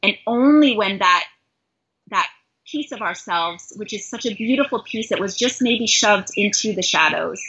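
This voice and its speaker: A woman's voice: mid-range voice, lively intonation, normal speed, a bit bright, husky. A middle-aged woman from Canada, a life coach, speaking in an earnest, heartfelt and self-reflective way in an interview conversation. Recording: dull lo-fi recording.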